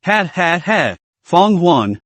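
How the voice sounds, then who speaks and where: A man's voice: sits high, very animated, slow, fairly bright tone, no room sound, heavily acted. Man reading a sultry mocking demonic voice. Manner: mocking, playful. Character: sultry teasing demonic voice in the mind.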